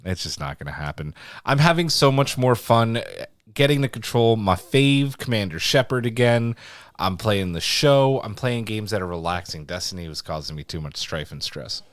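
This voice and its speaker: A man hosting a podcast in casual talk, relaxed and joking, laughing a lot, on a stand mic. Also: on the low side, moderate pace, no echo. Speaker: podcast host.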